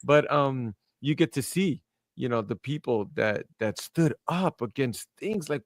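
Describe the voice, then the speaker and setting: A Brooklyn-accented man hosts a relaxed podcast conversation, his voice sitting at an ordinary middle pitch. He tells stories with a lively, street-casual energy, leaning on "man" and "right?" as he goes. The sound is close and dry, with no room around it. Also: unhurried, no echo. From New York, US. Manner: animated storyteller, peppers talk with "man" and "right?". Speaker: podcast host.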